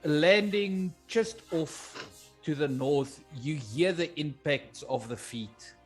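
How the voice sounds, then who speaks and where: A man narrating as game master, unhurried, often pausing on "uh" as he sets scenes and calls for rolls. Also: fairly high pitch, faint music behind. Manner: unhurried, with frequent "uh" pauses.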